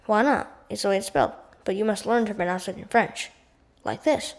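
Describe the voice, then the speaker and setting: A fussy, insistent French shopkeeper from a storybook, emphatic and sure of himself, as a woman reading aloud puts him on. His voice sits at a middling pitch, close to her everyday tone. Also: lively intonation, fairly quick, close to an everyday voice. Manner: emphatic and fussy about pronunciation.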